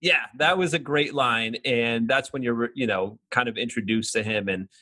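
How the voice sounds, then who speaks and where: A man's voice: mid-range voice, moderate pace, sharp tone, no echo. A man co-hosting a podcast, talking casually in a rambling way and laughing often. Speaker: podcast co-host. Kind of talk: casual chat.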